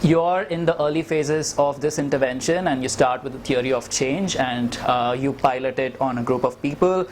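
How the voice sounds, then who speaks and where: A man's voice: mid-range voice, moderate pace, few pauses, slight background noise. A man from India giving an explanatory talk, conversational and self-correcting, with frequent fillers.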